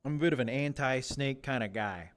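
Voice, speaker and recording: A man's voice: medium pitch, moderate pace. A young man chats loosely while streaming a game, joking to himself and his viewers. His voice is a bit worn, as if he is starting to lose it. Faint game music sits behind him. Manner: rambling, jokey, talks to animals in a mock interviewer voice. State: slightly losing his voice. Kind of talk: casual solo streaming chatter.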